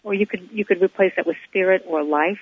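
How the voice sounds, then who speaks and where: A woman co-hosting a radio show, telling a teaching story and reflecting on it, with a husky voice and a habit of repeating phrases for emphasis. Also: lowish voice, fast talker, no echo. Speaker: co-host and spiritual teacher. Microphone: telephone. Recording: tinny phone line, dry.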